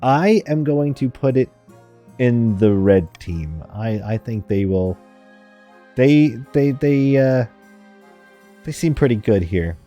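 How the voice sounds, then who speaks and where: A male streamer talks his audience through a strategy game in a relaxed, rambling way, with lots of restarts and easy laughs. His voice sits mid-range with a mellow, dark-leaning tone, and a faint bit of music plays underneath. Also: medium pitch, slow, pauses often. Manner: rambling, chatty, laughs often. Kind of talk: live game-stream commentary.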